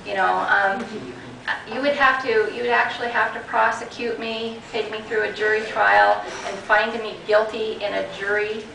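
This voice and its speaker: Woman guest speaker, gravelly and bright, animated storyteller; echoey room, off-mic. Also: a little high, moderate pace, background noise. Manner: animated retelling with many restarts and quoted dialogue. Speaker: guest speaker at a property-rights group meeting. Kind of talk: personal storytelling talk. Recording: echoey room recording from a distance.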